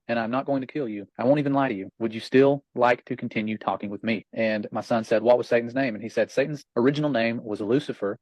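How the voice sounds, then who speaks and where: A man's voice: mid-range voice, no echo, rough recording. A man, a pastor, reading a chat log aloud and commenting on it at a webinar, earnest and warning.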